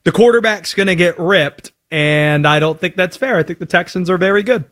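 A man's voice: high voice, a little fast, fairly bright tone. A man hosting a sports talk radio call-in show, bantering and teasing callers.

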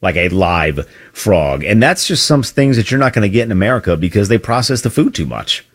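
A young man co-hosting a casual chat, telling stories with jokes and deadpan asides. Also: fairly low pitch, fairly quick. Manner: joking storyteller, deadpan asides.

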